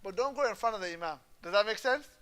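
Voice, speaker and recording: A man teaching Islamic law in a relaxed classroom lecture, his voice bright and forward. He explains step by step, drops in Arabic terms and checks that the students follow. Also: sits high, fast, smooth. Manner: explains patiently, often checks the class understands; moves easily between English and Arabic terms.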